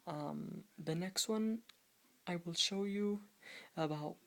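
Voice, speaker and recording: A woman teaching a video lesson on Spanish grammar rules, explaining patiently and haltingly, often restarting phrases and pointing at written words. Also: lowish voice, fairly bright tone.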